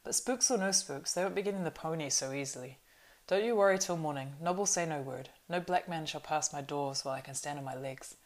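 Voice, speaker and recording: A woman voicing a nervous, talkative male innkeeper in an audiobook reading, in a loud, rambling, flustered way. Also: low voice, a little fast, few pauses, close to an everyday voice. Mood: fussing.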